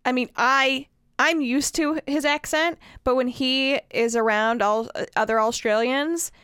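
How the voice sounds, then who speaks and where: A woman's voice: high-pitched, fairly even intonation, a little slow, fairly bright tone, smooth, dry recording, clean studio sound. A woman from the northern US, co-hosting a casual chat in a blunt, profanity-laced way. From northern US, Wisconsin. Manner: blunt, swears freely, laughs often. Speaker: podcast co-host.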